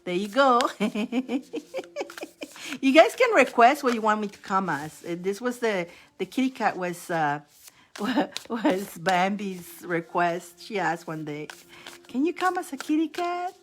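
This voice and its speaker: A woman's voice: medium pitch, lively intonation, slow pace, a little hiss or hum. A woman giving live-stream tarot readings, chatty, repeating names and laughing often between readings. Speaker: tarot reader.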